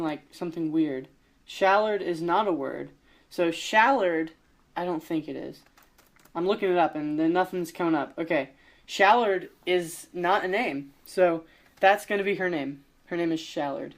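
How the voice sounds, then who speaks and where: A man's voice: high voice, normal speed. A young man co-hosting a casual podcast, rambling through an improvised story with lots of fillers and restarts, joking along the way. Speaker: podcast co-host.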